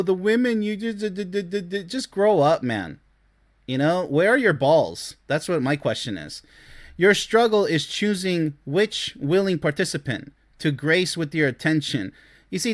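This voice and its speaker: A man giving blunt, mocking relationship commentary as he reacts to clips. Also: a little high.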